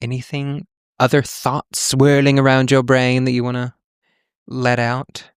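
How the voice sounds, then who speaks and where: A man co-hosting a podcast in casual chat, relaxed, recapping the story with quoted lines. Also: medium pitch, a little slow, clean tone, no room sound, studio quality. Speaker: podcast co-host.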